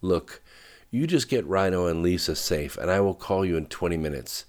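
A jolted, rattled woman roused from sleep, as a low-voiced male narrator puts her on. Her voice climbs and tightens once she hears the news, and she speaks in a storybook reading. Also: expressive, moderate pace. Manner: groggy then sharp and rattled. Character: woman, Bet, jolted awake into alarm. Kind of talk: audiobook character voice.

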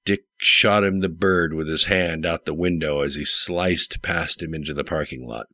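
A man narrates an audiobook with a very deep, low voice that still sounds bright and forceful. His delivery is steady and matter-of-fact. The recording is dry and close. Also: normal speed, no echo. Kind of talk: scripted narration.

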